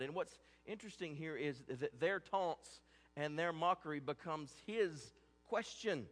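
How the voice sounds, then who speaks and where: A man's voice: a little high, a little slow, big-room sound. A man preaching a sermon as a pastor, earnest and conversational, often restarting his words.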